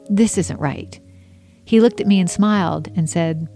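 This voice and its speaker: Expressive woman reading her memoir. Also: lowish voice, measured pace, soft background music. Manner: expressive, storytelling. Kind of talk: audiobook memoir narration.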